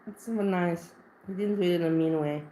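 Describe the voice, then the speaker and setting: A woman's voice: fairly low pitch, a little fast, dark tone, slight background noise. A woman vlogger chatting casually at home, telling a rambling, self-mocking story full of restarts. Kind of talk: casual reaction chat. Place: home kitchen.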